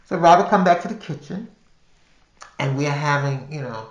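A man's voice: a little high, animated, normal speed. Older guy telling a story, rambly, keeps restarting, sounds roomy. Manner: rambling, with frequent restarts and repeated words. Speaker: podcast storyteller. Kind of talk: casual spoken storytelling. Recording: roomy echo.

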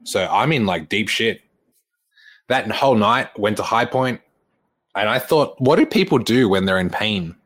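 A young man, a fitness coach, tells a personal story in a relaxed, chatty way. His voice sits a little low, and he slips into the voices of the people he quotes and breaks into laughter now and then. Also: normal speed. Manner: animated retelling, acts out quoted dialogue, laughs often. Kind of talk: casual storytelling.

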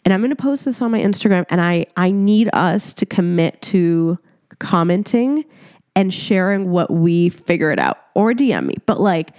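A woman in her thirties, born in Egypt, hosting a solo podcast and telling a story in a lively, chatty way with frequent laughter. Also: fairly low pitch, moderate pace, no echo, clean studio sound. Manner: animated storytelling, laughing often, casual swearing; talks directly to listeners as "your girl". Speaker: podcast host.

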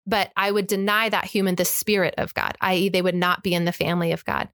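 A woman's voice: mid-range voice, a little fast, few pauses, a bit bright, no room sound, clean studio sound. An emphatic, impassioned woman telling a personal story as a guest in conversation, acting out the exchanges. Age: adult with an eight-year-old child.

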